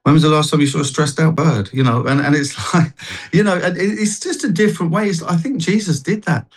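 A man's voice: a little high, a little fast, poor audio. A man, a guest on a TV chat show, telling a personal faith story in an earnest, rambling way with many restarts. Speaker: guest, street worship singer.

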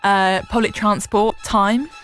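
A woman's voice: mid-range voice, steady tone, slow, a bit bright, faint music behind. A young woman co-hosting a radio show, talking in a chatty, enthusiastic way with frequent laughter. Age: young adult. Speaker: radio co-host. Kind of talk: casual radio chat.

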